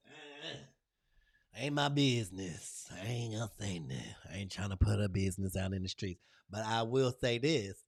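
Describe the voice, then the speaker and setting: A man's voice: fairly low pitch, expressive, moderate pace, creaky, no room sound, clean studio sound. A man hosting a casual design tutorial, chatting to viewers in a gushing, playful way. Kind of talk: casual screen-share tutorial.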